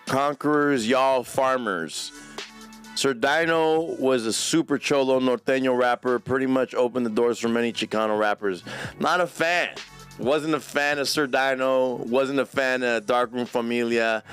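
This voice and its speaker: A man's voice: medium pitch, moderate pace, a bit bright, soft background music. A man hosting a live podcast, reading chat comments in a casual, profane, slang-heavy way. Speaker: podcast host.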